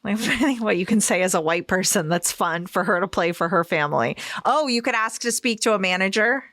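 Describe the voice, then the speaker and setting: A woman's voice: mid-range voice, fairly quick, a bit bright, dry recording. Teasing woman co-host, dry close sound. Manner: teasing, fires off playful questions and asides. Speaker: podcast co-host. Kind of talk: casual comedic chat.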